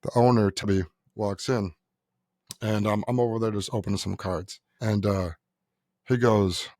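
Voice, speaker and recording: A man's voice: fairly low pitch, a little slow, pauses often, dry recording, studio quality. A man in his thirties from New York, co-hosting a podcast in casual chat, telling stories and swearing freely. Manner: animated storyteller, acts out quotes, swears freely. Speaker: podcast co-host.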